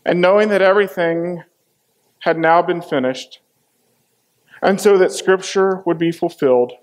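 A man's voice: high-pitched, measured pace. A man preaching a sermon, dramatically retelling a scripture passage and acting out the voices in it. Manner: dramatic, acts out the quoted voices.

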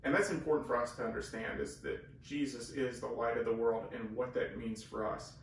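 A man's voice: medium pitch, lively intonation, a little fast. A man co-hosting a conversational Bible teaching, speaking earnestly and emphatically with restarts, recorded on a camera mic from far off. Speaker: co-host of a Bible teaching talk. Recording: echoey room from far off with faint hiss.

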